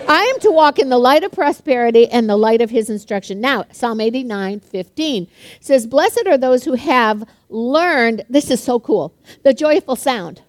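An older woman preaching a sermon to a congregation, fast-talking, chatty and humorous, often laughing between points. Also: a little high, lively intonation, no room sound.

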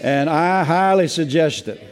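A man's voice: fairly high pitch, unhurried. A male pastor preaching a sermon in a folksy way, with many fillers and restarts.

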